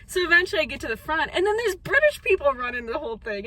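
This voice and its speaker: Racing along with few pauses, this young woman from Minnesota talks in a high, sing-song, pushed and bright voice. Her casual vlog walks through her day with plenty of chatter, jokes and self-mockery.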